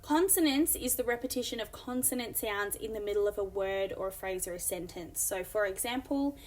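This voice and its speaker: Woman teacher, mid-pitched, explanatory, filler-heavy lesson delivery. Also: brisk, darkish tone. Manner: explanatory, many fillers, reads examples aloud. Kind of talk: recorded classroom lesson.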